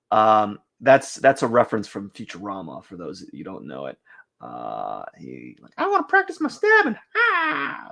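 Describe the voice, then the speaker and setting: A man's voice: medium pitch, creaky. A man chatting casually and joking as he draws figure studies on a live stream, rambling and breaking into silly voices. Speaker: artist streaming a drawing session.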